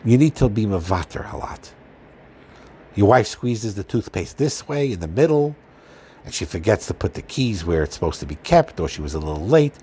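A man giving an earnest, gentle religious talk on marriage, pausing often fillers and restarts. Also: fairly low pitch, very animated, breathy edge. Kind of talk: informal religious lecture.

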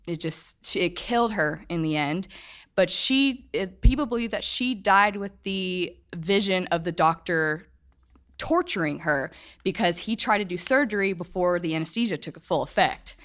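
A woman with a somewhat low voice tells a ghost story to a live audience. She meanders and corrects herself as she goes, in a casual, chatty way. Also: moderate pace, fairly bright tone. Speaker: storyteller at a live podcast show. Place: hotel event room, live show.

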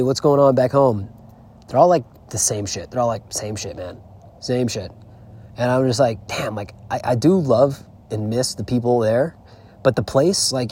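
A man's voice: medium pitch, a little mellow, a little hiss or hum. A man talking in a casual, rambling and profane vlog monologue, recorded outdoors on a horse farm. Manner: rambling, profane, candid storytelling. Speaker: travel vlogger.

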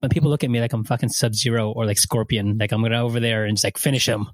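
A man's voice: medium pitch, steady tone, dry recording. Joking man on a dry, close mic. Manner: joking, quick to laugh, rambling. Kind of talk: casual chat.

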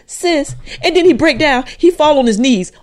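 A woman co-hosting a casual chat show, retelling stories in an animated, dramatic way. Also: sits high, moderate pace. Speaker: podcast co-host.

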